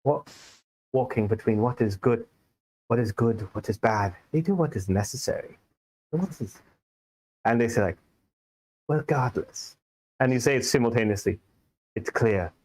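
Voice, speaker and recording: A man with an Indian accent runs a tabletop game, narrating the scene in a middle-pitched voice. He tells it loosely, with plenty of fillers and restarts as he goes. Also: brisk, darkish tone, low-quality recording. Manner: loose, filler-heavy storytelling. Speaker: game master.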